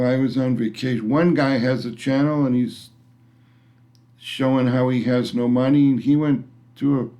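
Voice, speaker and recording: A man's voice: mid-range voice, dark tone. A middle-aged man ranting to the camera in a vlog, grumpy and blunt, rambling with frequent restarts. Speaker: vlogger. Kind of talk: casual rant to camera.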